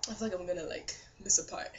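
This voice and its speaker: A young woman vlogger retelling a dream in casual, animated storytelling, laughing often and saying "like" a lot. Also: fairly low pitch, fast.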